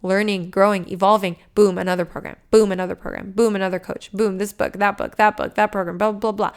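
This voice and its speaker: A woman hosting a podcast, delivering a casual, animated motivational rant with frequent swearing, jumping between loud bursts and hushed asides. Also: mid-range voice, fast talker, smooth. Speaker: podcast host.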